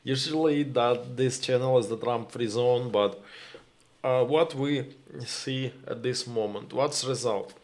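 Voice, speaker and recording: Slow, halting Ukrainian-accented man. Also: medium pitch, a little mellow. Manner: halting, searching for words, addresses viewers as "my dears". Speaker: live stream host. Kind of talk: live stream chat reading comments.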